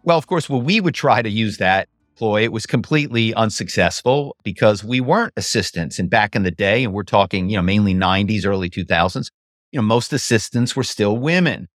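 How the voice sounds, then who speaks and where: A middle-aged man, a guest, telling lively stories and slipping into other voices. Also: on the low side, fairly quick, no echo, studio quality, faint music behind. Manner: animated, slips into voices. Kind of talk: storytelling interview answers.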